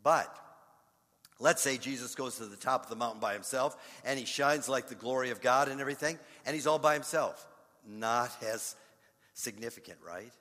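A man preaching a sermon as pastor, earnest, swinging from soft asides to loud emphatic lines. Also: medium pitch, normal speed. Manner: earnest, rises and drops in loudness for emphasis. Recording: long reverb of a large hall.

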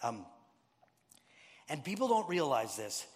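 A man preaching a conversational sermon, telling stories with animated asides and frank self-deprecating remarks. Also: medium pitch, slow pace, in a large hall. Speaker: pastor.

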